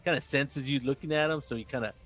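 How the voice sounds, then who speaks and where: Spielleiter mit stockender Sprechweise. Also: male voice, medium pitch, fairly bright tone, soft background music. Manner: halting, many fillers, laughs often. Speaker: game master. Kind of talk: running a tabletop role-playing game.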